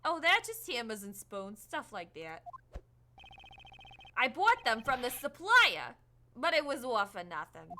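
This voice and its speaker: A woman plays a brash, defiant male convict from a video game, barking in a put-on Brooklyn accent. The voice sits high and bright, with lively swings in pitch. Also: measured pace, pauses often, a little hiss or hum, exaggerated voice. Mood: sulky. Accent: mock Brooklyn. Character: tough gruff male prison escapee. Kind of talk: reading game dialogue aloud.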